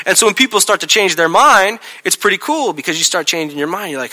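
A man preaching a sermon in a casual, chatty way, acting out scenes with lively voice changes. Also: high voice, fairly quick. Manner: animated, acts out scenes with shifting voices; casual, chatty delivery with laughs. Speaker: pastor.

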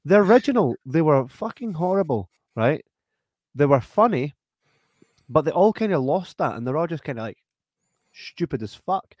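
A man's voice: fairly high pitch, moderate pace, no room sound, clean studio sound. A man, co-hosting a podcast and chatting bluntly about a film sequel, swearing freely. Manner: blunt, sweary, animated when ranting. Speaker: podcast co-host. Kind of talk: casual film review chat.

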